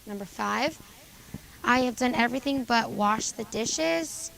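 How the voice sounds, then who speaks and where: A woman teacher going over grammar exercises with a junior high class, calling on students by name and confirming their answers. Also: measured pace, gravelly, fairly bright tone, low-quality recording. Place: school classroom.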